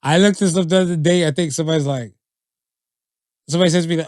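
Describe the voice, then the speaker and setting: A man's voice: fast, long pauses, dry recording. A man co-hosting a podcast in casual chat, telling stories and doing quoted voices, in a dry room. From Jamaican family background. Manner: animated storyteller, acts out quotes in high voices. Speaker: podcast co-host.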